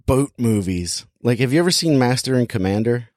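Talking fairly quickly in an animated, mid-range voice with a slightly mellow tone, a man reviews a film casually for a podcast chat. He rambles, keeps saying "like," and cuts himself off to begin sentences again. The audio is clean studio sound with no echo.

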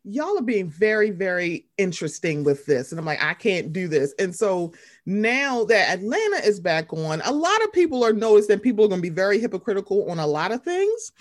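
A woman co-hosting a casual chat about reality TV, animated and quick to mimic other people. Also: medium pitch. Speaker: podcast co-host.

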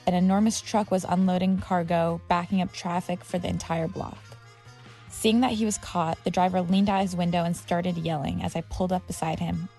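A woman's voice: on the low side, fairly even intonation, normal speed, vocal fry, mellow, faint music behind. A woman telling her own story as scripted narration, tense and vivid. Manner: tense, vivid storytelling with heated quoted outbursts.

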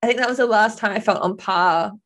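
A woman chatting casually as co-host, telling stories animatedly and acting out quoted lines with big jumps in pitch. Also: fairly quick, a bit bright. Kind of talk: casual chat.

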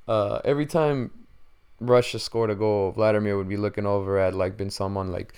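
A man hosting his own podcast, rambling along casually and joking between fillers. His voice sits low, with a gravelly edge that stays smooth and clear. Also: steady tone, moderate pace, a little mellow. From Mexican-American. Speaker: podcast host. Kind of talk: casual solo chat.

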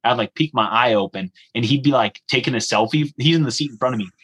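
A man's voice: medium pitch, quick pace, slightly rough, poor audio. A young man telling a travel story in a casual conversation, acting out the dialogue and using lots of "like" fillers. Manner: animated, acts out the dialogue, frequent "like" fillers.

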